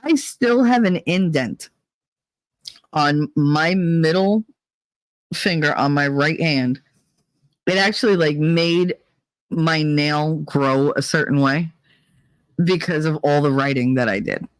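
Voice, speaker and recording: A man's voice: on the high side, slow pace, long pauses, smooth, no echo, low-quality recording. A middle-aged man from New Jersey with a New Jersey accent, hosting a live stream in rambling, profane casual chat, laughing often. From New Jersey, USA.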